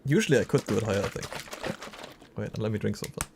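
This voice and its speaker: A man's voice: lowish voice, fast talker, vocal fry, background noise. Chatty man streaming live. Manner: chatty, reacts to chat messages. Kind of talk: casual livestream chat.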